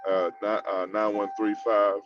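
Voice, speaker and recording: A man calling into a webinar, speaking haltingly with many fillers over dull call audio. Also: fairly low pitch, little pitch movement, music in the background. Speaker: caller. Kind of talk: call-in question.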